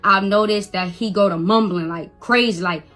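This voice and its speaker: A woman's voice: mid-range voice, normal speed, a bit bright. A mother in a heated rant defending herself, agitated and repetitive, stumbling over restarts. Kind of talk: heated live-video rant.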